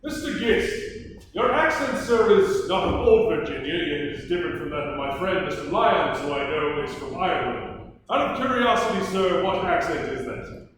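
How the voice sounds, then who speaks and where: An actor playing a wry, folksy colonial lawyer cross-examining witnesses in a live courtroom reenactment, with dry, teasing questions. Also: male voice, high-pitched, very animated, moderate pace, a bit bright, slight background noise. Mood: sly. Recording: echoey hall, distant mic.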